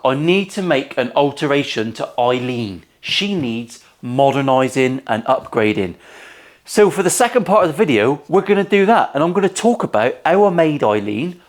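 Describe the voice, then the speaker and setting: A man hosting a casual workshop vlog as a luthier, talking to viewers in cheeky, sweary banter. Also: a little high. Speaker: luthier and channel host. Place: guitar-making workshop.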